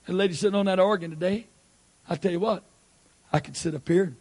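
A man's voice: high-pitched, a little fast, darkish tone, breathy edge. A man preaching a sermon. He repeats his points and acts out little scenes to make them.

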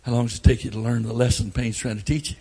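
An older man preaching a sermon, telling folksy family stories and breaking into loud outbursts. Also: medium pitch, little pitch movement, quick pace, breathy edge. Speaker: pastor.

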